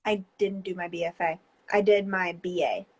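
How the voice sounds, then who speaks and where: A lowish, somewhat mellow voice with fairly even intonation belongs to a New Jersey woman in her twenties who has a New Jersey accent. The recording is low quality. Chatting casually over a video call as a guest artist, she's hesitant and rambling, with many fillers and quick laughs.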